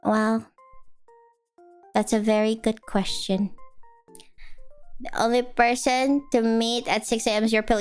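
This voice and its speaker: A woman streamer with a high voice, chatting in a slow, drowsy drawl. She rambles playfully to her viewers and slips into goofy sing-song noises. Soft music plays faintly behind her. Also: steady tone, smooth. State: sleepy. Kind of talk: casual live-stream chat.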